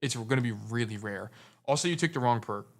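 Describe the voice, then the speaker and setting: A man's voice: medium pitch, animated, quick pace. Blunt young man coaching gameplay. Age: young adult. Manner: blunt, teasing, repeats points for emphasis. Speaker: game coach. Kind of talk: casual gameplay review commentary.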